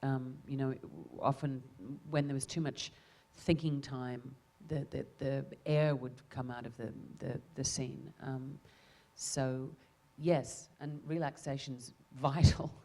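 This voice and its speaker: A woman's voice: extremely low pitch, fairly even intonation, slow pace, hardly any pauses, mellow. A woman actor answering panel questions in a reflective way, often restarting and repeating words.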